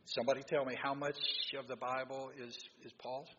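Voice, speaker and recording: A man's voice: mid-range voice, flat delivery, a little fast. A man preaching a sermon to a congregation, talking conversationally, quizzing the audience and often restarting his sentences. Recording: long hall reverb, dull lo-fi sound, faint noise.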